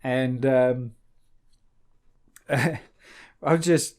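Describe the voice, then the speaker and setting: Male co-host, mid-range voice, talks in loose animated bursts with restarts. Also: mid-range voice, extremely slow. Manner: rambling, animated, with frequent restarts and swearing. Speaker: podcast co-host. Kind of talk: casual chat.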